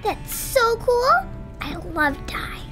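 A woman's voice: very high-pitched, lively intonation, slow pace, over music, voice pushed up, full character voice. A woman voicing an eager, giggly little girl playmate in a kids' game let's-play.

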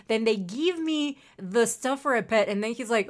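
A young adult woman streaming a game, chatting to her viewers in an excitable, casual way. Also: on the high side, normal speed, few pauses. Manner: excitable, chatty, says "dude". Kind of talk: casual livestream commentary.

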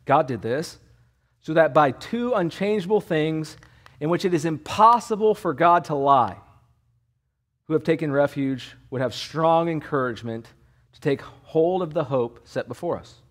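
A man's voice: a little high, lively intonation, a little slow. A man preaching an expository sermon as pastor, emphatic and repeating key words for weight, with a Californian English accent.

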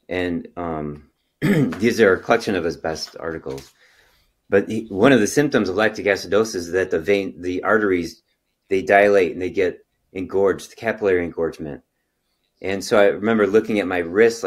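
A middle-aged man with a low, deep voice holds forth in an interview. He explains at length and slips into animated stories that lift with excitement, then drops to quiet asides. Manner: animated storyteller, lively when excited, trailing off into quiet asides. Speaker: chiropractor and health podcast host.

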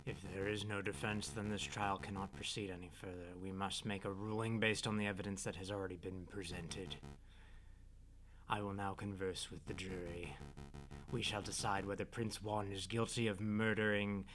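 A man's voice: fairly low pitch, little pitch movement, moderate pace, over music, natural voice. A man voicing a stern, formal old bird judge in a game, with a pompous manner.

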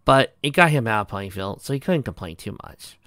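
A man narrating a fan fiction chapter aloud in a plain, even storytelling read. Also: lowish voice, fast talker, no room sound, clean studio sound.

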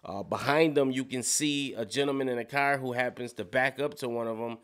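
A man with a smooth, resonant voice talks through a TV episode recap in a relaxed, rambling way. He speaks at a middle pitch, with frequent fillers and little laughs, close to a studio microphone. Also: fairly quick. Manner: loose and chatty, many fillers, laughs between points. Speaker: reviewer of a TV show. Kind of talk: casual video review. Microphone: studio dynamic microphone.

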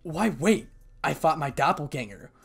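A man's voice: a little high, sing-song, moderate pace, gravelly, husky, full character voice. A man reading a fan story aloud and voicing a troubled young man who sounds anguished and hard on himself. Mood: confused.

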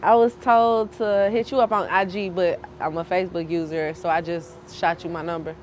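A woman's voice: fairly low pitch, steady tone, normal speed. Woman, from St. Louis, street interview, rhythmic freestyle rap, faint outdoor noise. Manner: casual, brief answers, rhythmic freestyle delivery. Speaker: aspiring rapper.

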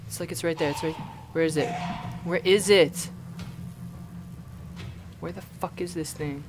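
A man's voice: on the high side, steady tone, a little slow. Panicky swearing young man with noise behind. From Canada. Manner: panicky, swearing, talking to the game in frantic repeats. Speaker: gaming YouTuber. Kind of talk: horror game let's play commentary.

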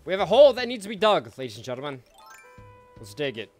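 A man's voice: a little high, sing-song, fast talker, darkish tone, soft background music. A man giving casual, laid-back gameplay commentary, chatting to viewers and swearing freely. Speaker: let's play host.

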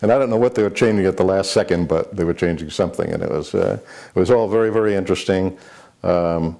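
A man's voice: deep voice, darkish tone. An older man, a former military aide, answering interview questions with rambling anecdotes, many fillers and restarts.

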